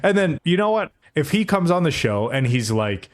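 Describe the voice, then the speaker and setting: A man co-hosting a podcast, casually recapping an episode in a relaxed, slangy way. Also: fairly high pitch, moderate pace. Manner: animated retelling, relaxed slang. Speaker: podcast co-host.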